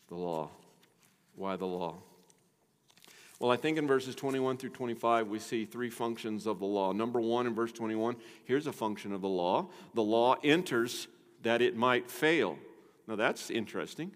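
An older man preaching a sermon, emphatic, asking rhetorical questions and swinging between loud and soft. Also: lowish voice, expressive, normal speed. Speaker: pastor. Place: church sanctuary. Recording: long hall reverb.

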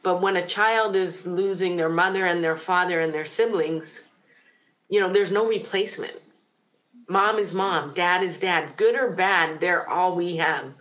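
A middle-aged woman from Ohio recounts her childhood in an interview, earnest and reflective, with frequent pauses and ums. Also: on the low side, a bit bright, dull audio. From Ohio, United States. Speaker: guest telling her life story. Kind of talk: personal testimony in an interview.

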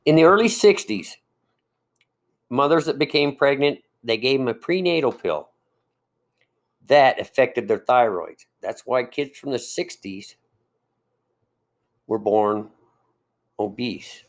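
A man's voice: mid-range voice, lively intonation, takes it slowly, long pauses. An older man, a guest on a casual podcast, telling stories and explaining things from decades past. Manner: storytelling, explaining old facts. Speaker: guest, co-host's father.

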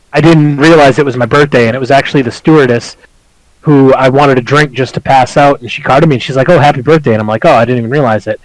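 A man's voice: medium pitch, no echo, low-quality recording. A man talking candidly and reflectively in a casual podcast conversation, chuckling now and then as he tells his stories. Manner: reflective, open, chuckles while telling stories.

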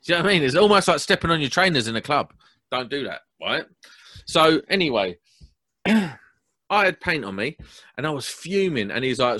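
A young man, hosting a casual podcast and telling a wound-up story in a blunt, animated way. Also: medium pitch, normal speed. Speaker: podcast host.

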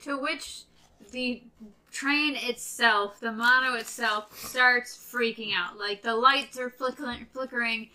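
Female co-host, slightly high and bright, steady reader who recaps casually. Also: takes it slowly, rough recording. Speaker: co-host reading a novel aloud. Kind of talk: reading a novel aloud with casual commentary.

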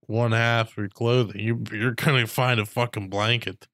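A man's voice: mid-range voice, steady tone, moderate pace, a bit bright, no room sound, studio quality. A young man in casual chat who tells stories and jokes crudely, with lots of fillers. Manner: crude joking, filler-heavy.

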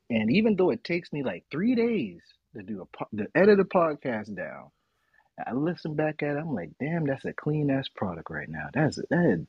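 A man talking casually on a podcast, telling stories in a reflective way. His husky voice swings widely in pitch. The recording is dry and muffled, with a lo-fi edge. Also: dry recording. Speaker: podcast co-host. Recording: dry, dull lo-fi sound.

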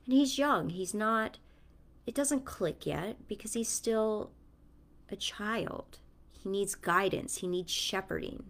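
A woman's voice: medium pitch, expressive, takes it slowly, fairly bright tone. A mother talking casually and earnestly, telling a story about her son and reflecting on her Bible reading. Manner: earnest, storytelling, speaks with conviction. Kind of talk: casual reflective vlog talk.

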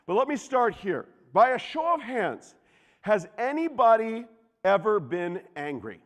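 A man preaching a sermon, animated and jokey, asking the congregation questions. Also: high-pitched, measured pace. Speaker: pastor. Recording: reverberant hall.

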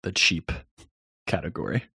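A man's voice: low voice, sing-song, normal speed, vocal fry, sharp tone, slightly rough, no room sound, clean studio sound. A young man co-hosting a casual podcast, laid-back and teasing. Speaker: podcast co-host. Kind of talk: casual chat.

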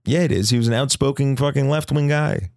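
Gravelly young man joking around. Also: medium pitch, a little fast, darkish tone, no echo, clean studio sound. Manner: crude joking, mock voices, restarts. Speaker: podcast co-host. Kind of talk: casual chat. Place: studio with wood floors.

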